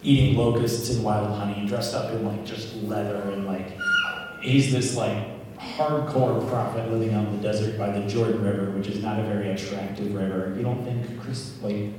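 A man giving a casual, joking sermon, full of asides and quick tag questions to the listeners. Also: lowish voice, steady tone, noisy background. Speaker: preacher. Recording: echoey hall, distant mic.

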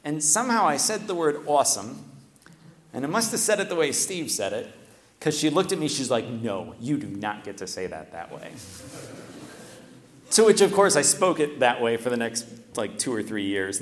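A man's voice: medium pitch, fairly quick. A man preaching a sermon at a church microphone. He talks in a casual, conversational way and often checks in with the listeners by asking "right?". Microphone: stands at a microphone. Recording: echoey church hall, long reverb.

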